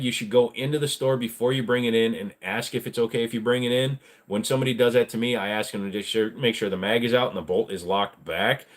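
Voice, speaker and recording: Blunt, rambling man hosting a Q&A. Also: on the low side. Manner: rambling, blunt, with frequent fillers. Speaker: channel host answering viewer questions. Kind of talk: casual livestream Q&A.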